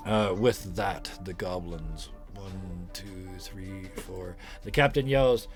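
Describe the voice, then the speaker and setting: A man's voice: deep voice, slow, hardly any pauses, soft background music. A man narrating as game master, loose and joking, laughing often.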